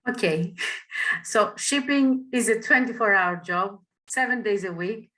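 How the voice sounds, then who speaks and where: A woman with a Greek accent, a panelist who answers thoughtfully with frequent hesitant pauses. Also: mid-range voice, bright, forceful tone. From Greece. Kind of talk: panel discussion.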